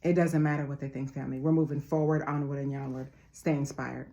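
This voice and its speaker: A woman's voice: extremely low pitch, steady tone, fast talker, dark tone, highs cut off. A woman in her forties giving a motivational monologue, emphatic and repetitive, calling her listeners family. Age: 40s. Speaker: motivational speaker.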